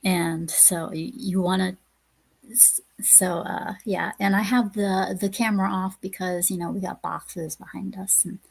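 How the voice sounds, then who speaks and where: A woman with a creaky, husky voice speaks as a guest on a casual podcast. She talks haltingly and keeps restarting her sentences as she searches for words. Her pitch sits in an ordinary middle range. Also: steady tone, darkish tone. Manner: halting, hesitant, many restarts. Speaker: guest streamer.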